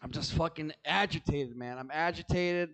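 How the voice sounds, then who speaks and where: A man's voice: a little high, normal speed, gravelly, a bit bright, low-quality recording. A man doing a stand-up comedy set, ranting in a profane, agitated way and stammering through restarts.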